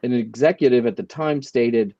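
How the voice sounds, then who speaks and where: A man's voice: mid-range voice, moderate pace, mellow, no echo. A man on a panel discussion, giving prepared remarks in a dry, joking manner. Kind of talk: casual chat, prepared commentary. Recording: dull dry sound.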